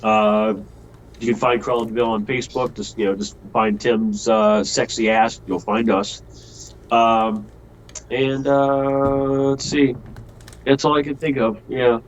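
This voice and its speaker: A man's voice: mid-range voice, steady tone, unhurried, dull audio, a little hiss or hum. A man who plays in a band, answering interview questions hesitantly with lots of ums and uhs. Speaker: band musician guest.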